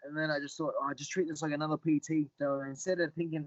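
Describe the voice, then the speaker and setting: A middle-aged man telling stories as a podcast guest, often repeating words and getting animated when he quotes other people. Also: a little high, fast, no echo, highs cut off. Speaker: guest, Muay Thai fighter. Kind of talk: casual storytelling interview.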